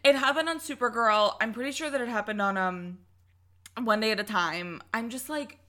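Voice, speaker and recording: A woman's voice: fairly high pitch, normal speed, bright, forceful tone. A young woman co-hosting a casual podcast, ranting heatedly and swearing often. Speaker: podcast co-host.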